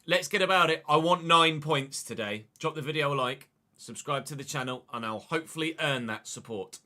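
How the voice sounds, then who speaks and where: A young man calling his own football game on a live stream. He talks in a bright, forceful tone, pitched a touch high, and keeps up a chatty running patter with viewers between moves. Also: fairly quick. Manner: chatty, thanks viewers by name between plays. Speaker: gaming streamer.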